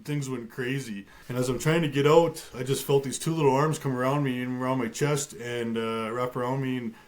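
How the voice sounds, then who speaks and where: A man of middle pitch telling his own story as a talk show guest. He keeps a steady, matter-of-fact tone with touches of dry humor and plenty of casual fillers. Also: fairly quick. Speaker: guest, bear attack survivor.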